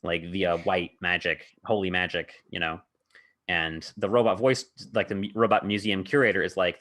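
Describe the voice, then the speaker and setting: A podcast host recalls a tabletop game he ran as game master, rambling casually with lots of filler words and frequent laughs. His low-pitched voice keeps fairly even intonation and sounds pushed and bright at a slightly fast pace.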